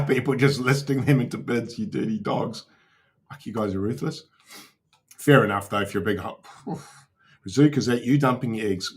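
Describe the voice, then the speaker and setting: A man's voice: medium pitch, moderate pace, fairly bright tone. A man hosting a casual crypto livestream, swearing freely and talking to his chat as he browses.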